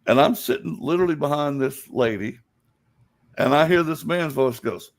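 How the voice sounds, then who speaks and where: A man's voice: fairly high pitch, moderate pace. A man from Alabama, a psychic guest, telling stories in casual chat and acting out the voices he quotes. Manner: animated storyteller, acts out quoted voices.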